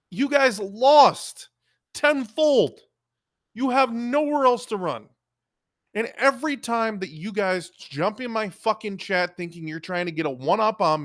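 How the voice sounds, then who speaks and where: Male live streamer, higher register, dry close sound; heated, foul-mouthed, lecturing tone. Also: fairly bright tone, no room sound. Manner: heated, profane, scolding the audience. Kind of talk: angry live-stream commentary rant.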